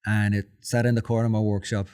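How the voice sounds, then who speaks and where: A man's voice: lowish voice, fast, clear, resonant tone. Emotional Irish man telling stories. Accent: Dublin Irish. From Ireland. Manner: emotional, animated storyteller who acts out his own quotes. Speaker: podcast guest. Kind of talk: casual interview storytelling.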